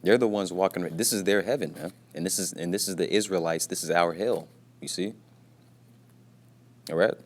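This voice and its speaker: A man's voice: low voice, moderate pace, pauses often. A man teaching a casual scripture lesson from his workplace, repeating himself and tagging his lines with "you see" and "man", and keeping his voice down at times. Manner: repetitive, peppers talk with "man" and "you see"; speaks quietly at times, mindful of being at work.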